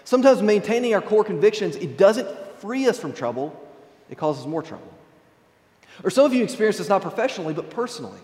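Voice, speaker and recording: Emphatic high-voiced preacher in an echoing hall. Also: male voice, very animated, quick pace, darkish tone. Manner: emphatic preacher reading scripture aloud and addressing the congregation. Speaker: pastor. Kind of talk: sermon. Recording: echoey hall with long reverb.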